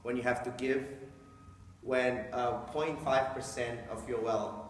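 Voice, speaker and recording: Man, mid pitch, conversational speaker who acts out quotes; far off in a reverberant hall. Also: fairly even intonation, unhurried, slight background noise. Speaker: speaker explaining Islam to an audience. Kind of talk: informal talk to a live audience. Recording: echoey hall from a distant mic.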